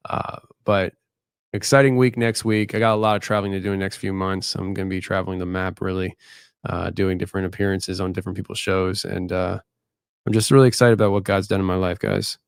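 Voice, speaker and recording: A tired man hosting a late-night live show, talking in a halting, rambling, candid way. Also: low-pitched, level tone, creaky, clean tone, no room sound, studio quality. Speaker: podcast host.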